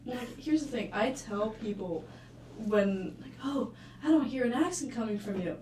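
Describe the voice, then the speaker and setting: A young woman from France with a French accent, a podcast guest talking casually, chatty and quick to laugh, with many fillers. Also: on the high side, expressive, darkish tone. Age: young adult. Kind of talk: casual chat. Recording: roomy and distant with faint noise.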